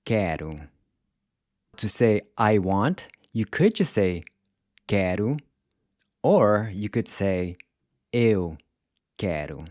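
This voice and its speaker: A man teaching a language lesson in a scripted, careful way, repeating words slowly to show how they are said. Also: lowish voice, sing-song, a little mellow, no room sound, clean studio sound. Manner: slow, careful, demonstrates pronunciation by repeating words.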